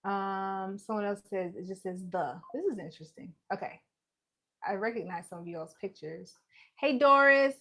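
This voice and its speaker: A woman with a medium-pitched, fairly even voice speaks at a moderate pace while hosting a casual embroidery livestream from home on a live-streaming setup. She chats and jokes, laughs often, and greets viewers by name.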